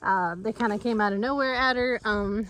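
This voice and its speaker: A woman's voice: medium pitch, moderate pace, a bit bright, rough recording. A woman, chatting casually to camera outdoors in her yard, rambling and laughing easily. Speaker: family farm vlogger.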